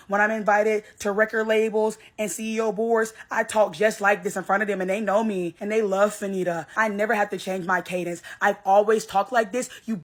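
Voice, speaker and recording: A young woman, a social media creator, talking straight to camera in a brash, blunt selfie rant full of swearing. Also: medium pitch.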